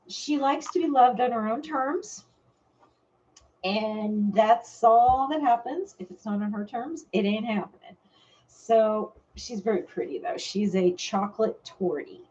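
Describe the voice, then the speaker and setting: A woman's voice: on the high side, lo-fi sound, slight background noise. A woman hosting a casual live vlog, chatting with viewers by name and laughing often. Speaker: vlog host. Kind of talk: casual live-stream chat. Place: home.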